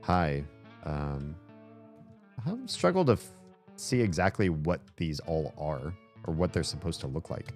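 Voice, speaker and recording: A man's voice: rumbling low, expressive, unhurried. A man streaming a game, chatting casually and rambling aloud with plenty of fillers, with faint game music behind him. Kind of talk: casual gameplay commentary chat.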